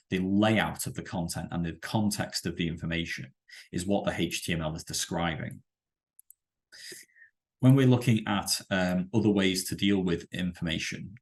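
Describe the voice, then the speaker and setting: A man teaching a web development lesson over a screen-share, explaining with halting, self-correcting sentences and many fillers. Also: low-pitched. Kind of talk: screen-share coding tutorial.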